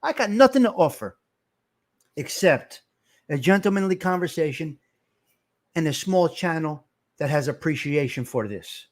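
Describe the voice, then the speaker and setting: A man's voice: fairly high pitch, animated, normal speed, long pauses. A middle-aged man, hosting a live stream and ranting in a heated, profane way while calling out to his chat. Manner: fired-up, profane, shouting out to chat.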